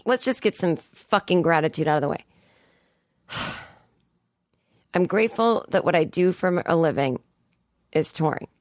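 A woman's voice: fairly low pitch, lively intonation, moderate pace, pauses often, a little mellow, no echo, clean studio sound. Exasperated, profane woman in her forties. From Boston area. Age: 40s. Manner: profane, exasperated rant with frequent emphatic rises. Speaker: comedian podcast host. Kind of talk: casual monologue. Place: studio. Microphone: studio mic.

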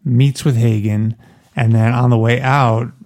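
A man's voice: mid-range voice, steady tone, a little slow, darkish tone. A man co-hosting a casual chat, reading book passages aloud and chuckling often. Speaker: podcast co-host. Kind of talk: casual chat about a novel.

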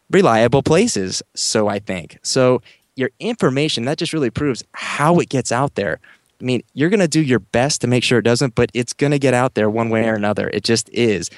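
A man's voice: mid-range voice, no echo. A man co-hosting a podcast, eagerly explaining security tips in casual chat with repeated phrases. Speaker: podcast co-host. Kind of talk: casual tech advice chat.

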